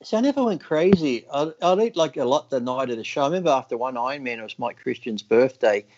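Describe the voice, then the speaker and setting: Brief: male podcast guest, mid-pitched, loose storyteller who swears often, muffled lo-fi audio. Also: animated, fast, darkish tone. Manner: crude, laughing anecdotes, heavy swearing. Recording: dull lo-fi audio.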